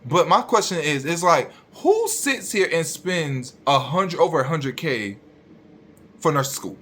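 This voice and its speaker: A young man with a fairly high voice rants at his viewers as a registered nurse. He is blunt and confrontational and swears freely as he talks straight at them. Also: big pitch swings, measured pace, a bit bright, breathy edge. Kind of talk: blunt ranting monologue to viewers.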